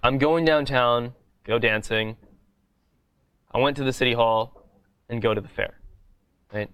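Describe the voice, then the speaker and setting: A man's voice: mid-range voice, measured pace, fairly bright tone, smooth. Casual man teaching a coding class. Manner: casual, repeats "right?" often, explains step by step. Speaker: coding bootcamp instructor. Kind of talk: live coding lecture.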